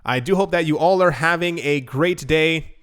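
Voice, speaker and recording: A man's voice: on the high side, moderate pace, fairly bright tone, smooth. A man hosting a solo crypto channel, talking casually and rambling, who runs out of breath while reading long lists. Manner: rambling, self-deprecating, rattles off long lists.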